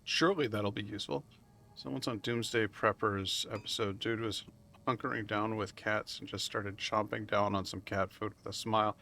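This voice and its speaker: A man streaming a video game live, chatting casually and rambling as he plays, swearing freely and laughing loudly at chat. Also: on the low side, fairly even intonation, normal speed, creaky. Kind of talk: live gameplay commentary.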